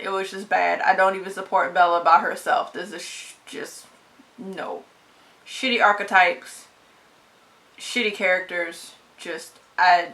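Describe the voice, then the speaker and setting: A woman's voice: medium pitch, pushed and bright. A woman book vlogger talking casually and bluntly, swearing freely and laughing often. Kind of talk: casual book tag vlog.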